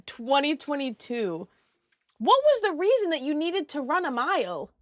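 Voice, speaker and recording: A woman's voice: high-pitched, big pitch swings, moderate pace, no room sound, clean studio sound. A young woman streaming while she colors, chatting casually with her chat, giggling and swearing freely.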